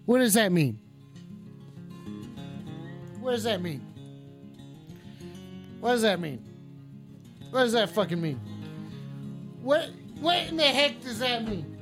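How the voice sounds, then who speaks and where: Profane rambling cowboy-persona host. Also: male voice, very high voice, fairly bright tone. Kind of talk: rowdy comedic rant.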